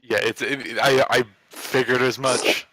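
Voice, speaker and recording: A man's voice: medium pitch, fairly even intonation, unhurried, sharp tone, rough recording. A man playing a tabletop game, casually describing his character in the third person. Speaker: player. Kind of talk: tabletop role-play.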